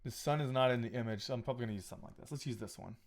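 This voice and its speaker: A man's voice: mid-range voice, very fast. A man talking casually on a live stream while he edits photos, thinking aloud with frequent restarts and small asides. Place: home photo studio.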